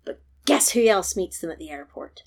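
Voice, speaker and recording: Animated woman telling a story. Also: on the low side, moderate pace, slightly rough. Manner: animated storytelling, laughs often. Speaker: podcast host recapping a film. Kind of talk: casual chat.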